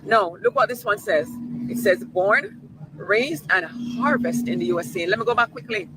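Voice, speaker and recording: A man's voice: high voice, expressive, normal speed, background noise. A man in a casual vlog, carefully and pointedly reading out food labels.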